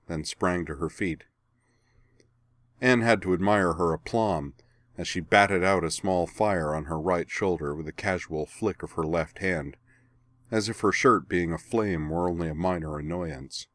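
A man giving steady, measured scripted narration of a story. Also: deep voice, dry recording, studio quality.

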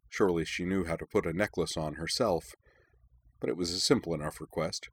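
A man reading a story aloud in calm, even audiobook narration. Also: low voice, dry recording.

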